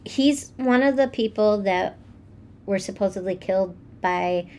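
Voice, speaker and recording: A woman co-hosting a podcast, telling stories in a relaxed way with fillers. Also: medium pitch, a little slow. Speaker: podcast co-host. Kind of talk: casual storytelling chat.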